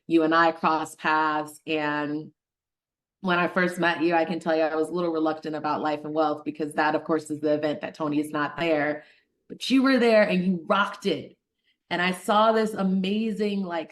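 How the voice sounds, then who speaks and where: A middle-aged woman physician from Detroit telling a personal story in an interview, animated, acting out the voices of people she quotes. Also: low-pitched, moderate pace. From Detroit, Michigan. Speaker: guest, physician.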